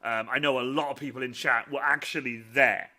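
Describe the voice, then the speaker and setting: Bright excitable man hosting a stream. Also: mid-range voice, fairly quick. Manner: excitable, laughs often, acts out quoted voices. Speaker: host of a live Q&A stream. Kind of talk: casual live-stream chat.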